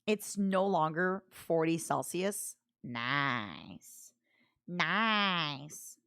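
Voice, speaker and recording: Animated woman streamer, chatty and laughing, pitch all over the place. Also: very slow, vocal fry. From Canada. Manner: chatty, animated, laughs often, reads chat aloud. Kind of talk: casual livestream chat.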